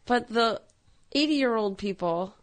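A woman's voice: a little high, expressive, takes it slowly. A woman guest on a comedy talk show, telling stories in a chatty way. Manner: chatty storyteller. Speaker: studio guest.

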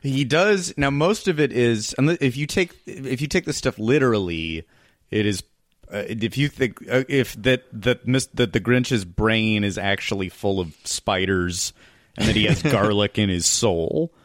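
Low-voiced podcast dude trailing off looking for words, dry deadpan jokes. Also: male voice, unhurried, no echo. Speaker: podcast co-host. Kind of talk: casual chat.

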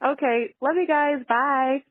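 A woman's voice: sits high, steady tone, measured pace, no echo. A woman from Idaho leaving a cheerful, confident voicemail for a podcast. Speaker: caller. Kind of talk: voicemail message. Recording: dull lo-fi voicemail.

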